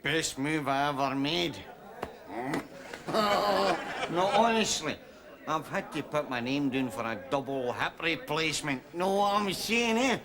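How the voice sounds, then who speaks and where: A man's voice: fairly high pitch, expressive, moderate pace, few pauses, a crowd in the background. A man with a Glaswegian accent playing a boastful, drawling sitcom character. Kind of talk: sitcom acting.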